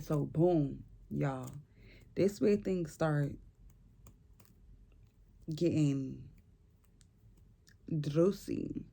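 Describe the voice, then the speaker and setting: Slow, gravelly-voiced young woman storyteller. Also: low-pitched. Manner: animated, chatty, slangy with frequent fillers. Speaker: vlogger. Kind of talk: casual storytelling.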